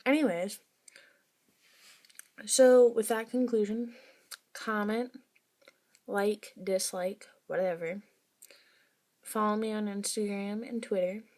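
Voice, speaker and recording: A woman's voice: mid-range voice, fairly even intonation, takes it slowly, long pauses, darkish tone. A woman vlogger talking casually to her viewers, rambling with wry asides. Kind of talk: casual monologue to camera.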